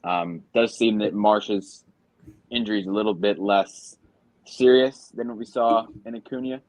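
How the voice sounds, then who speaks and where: A man's voice: fairly low pitch, steady tone, normal speed, no room sound, rough recording. A man co-hosting a sports podcast in casual chat, talking loosely with frequent ums and trailing thoughts. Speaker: podcast co-host.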